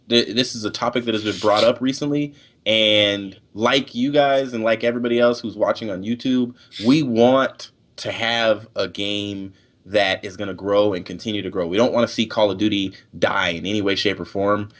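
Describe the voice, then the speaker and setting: A young man hosting a casual gaming stream show, talkative, with many fillers and restarts. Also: lowish voice. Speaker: podcast host.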